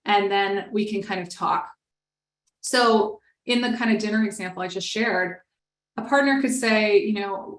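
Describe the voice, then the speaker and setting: A woman's voice: medium pitch, measured pace, fairly bright tone, roomy sound. A woman giving an explanatory webinar talk in a conversational way, acting out bits of example dialogue as she teaches. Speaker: webinar presenter.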